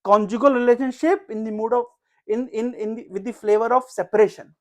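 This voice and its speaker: A man's voice: sits high, fairly even intonation, brisk. A man giving a devotional talk at a home gathering. He tells a sacred story in an earnest, conversational way, full of fillers and restarts. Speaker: speaker at a devotional house program.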